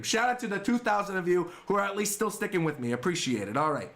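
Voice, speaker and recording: A man's voice: high voice, quick pace, creaky. A man doing a casual livestream reaction to a manga chapter, reading panels aloud and chatting with his viewers. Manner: animated, reads panels aloud and chats to viewers. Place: temporary room away from home. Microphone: webcam setup.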